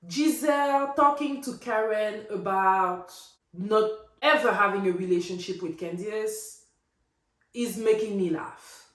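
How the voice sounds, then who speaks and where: Opinionated woman vlogger in an echoey room. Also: medium pitch. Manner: opinionated, animated, rhetorical. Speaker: recap vlogger. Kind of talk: casual reality TV recap.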